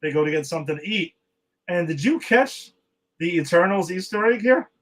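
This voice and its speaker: A man's voice: high-pitched, expressive, moderate pace, a bit bright, rough recording. A man co-hosting a podcast, casually recapping TV episodes and retelling scenes in a rambling way. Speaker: podcast co-host.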